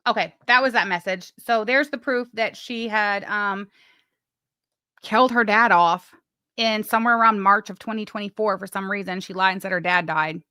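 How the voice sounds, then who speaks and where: A woman's voice: medium pitch, normal speed, bright, forceful tone, clear, resonant tone, dry recording, clean studio sound. A woman hosting a casual live stream, chatting, reading messages aloud with mock drama and swearing freely.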